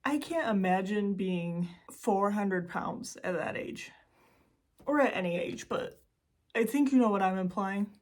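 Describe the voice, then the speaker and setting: A woman's voice: mid-range voice, lively intonation, a little slow, darkish tone. Chatty American woman telling a story. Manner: chatty, giggly, rambling asides. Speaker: host. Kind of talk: casual storytelling vlog.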